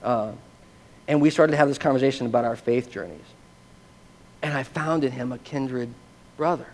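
A man's voice: a little high, fairly quick, darkish tone, in a large hall, slight background noise. A man preaching a sermon as pastor, telling a personal testimony in an earnest, conversational way and often checking in with listeners.

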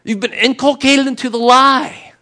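A man's voice: very high-pitched, fairly even intonation, normal speed, bright, forceful tone. A man preaching a sermon in an emphatic, conversational way, acting out little exchanges with people. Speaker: pastor.

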